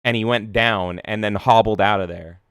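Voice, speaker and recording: Male host, animated storyteller, crisp voice, close and dry. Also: lowish voice, normal speed, no echo. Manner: animated, swears a lot, acts out voices. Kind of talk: casual chat, storytelling.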